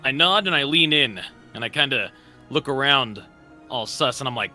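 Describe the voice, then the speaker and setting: A man's voice: mid-range voice, lively intonation, moderate pace, pushed and bright, soft background music. A man playing a character in a tabletop game, talking in a playful way. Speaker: player. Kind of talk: tabletop game role-play.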